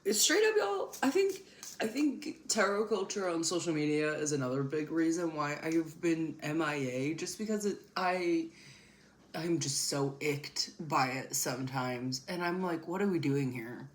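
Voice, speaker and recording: A woman's voice: sits low, a little slow. A young woman hosting a casual tarot reading, chatty and laughing often, with casual swearing. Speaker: tarot reader and channel host. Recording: echoey room with loud background noise.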